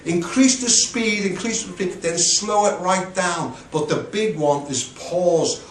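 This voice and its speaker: A man from the United Kingdom giving an energetic, emphatic public speaking coaching talk with dramatic pitch swings. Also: a little hiss or hum. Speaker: motivational speaker. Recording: echoey room, voice from a distance.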